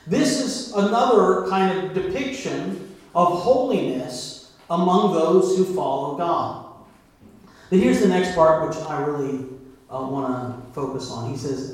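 Male pastor, higher voice, preaching and quizzing the congregation; distant mic in a booming hall. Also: lively intonation, measured pace. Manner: preaching with call-and-response questions to the congregation. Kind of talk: sermon. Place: church sanctuary. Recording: very echoey church from far off.

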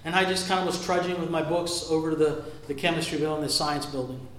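A man's voice: fairly high pitch, steady tone, quick pace, fairly bright tone. A man preaching a sermon as a pastor, telling a personal story in a conversational way and asking the congregation questions. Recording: very echoey hall from far off.

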